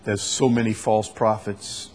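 A man's voice: fairly low pitch, flat delivery, a little slow, darkish tone, a little hiss or hum. A man leading a church Bible study, preaching emphatically with repeated phrases and rhetorical questions.

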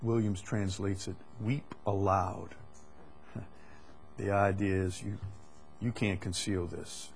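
A man teaching the Bible in a conversational way, deliberate, often repeating words with frequent fillers. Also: on the low side, level tone, darkish tone, slight background noise.

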